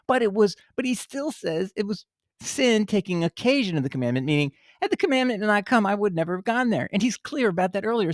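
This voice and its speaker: High-voiced, fervent male bible teacher. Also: dry recording, studio quality. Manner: fervent, emphatic, digressive, scolding. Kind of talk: impassioned scripture commentary.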